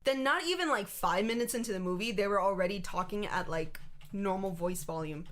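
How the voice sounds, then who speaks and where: A woman's voice: mid-range voice, fairly quick, fairly bright tone. A young woman co-hosting a casual chat podcast, telling a story with animation and acting out what other people said. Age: young adult. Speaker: podcast co-host.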